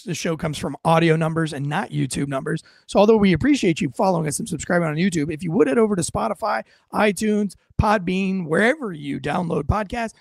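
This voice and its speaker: Gravelly, high-voiced podcast host. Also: male voice, no room sound, clean studio sound. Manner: emphatic, punchy, with many fillers. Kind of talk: casual podcast commentary.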